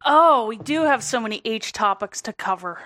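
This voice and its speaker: Woman guest, fairly high voice, dry close sound, giggly, hesitant casual chat. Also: expressive, normal speed, a bit bright, no room sound. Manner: giggly, hesitant, restarts often. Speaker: podcast guest.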